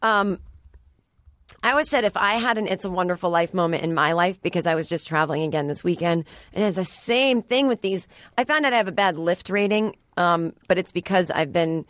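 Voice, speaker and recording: A woman's voice: fairly low pitch, animated, fairly quick, fairly bright tone, no echo. A woman hosting a podcast in a studio, chatting in a rambling way with sarcastic asides. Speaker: podcast host. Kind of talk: casual solo podcast chat. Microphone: studio microphone.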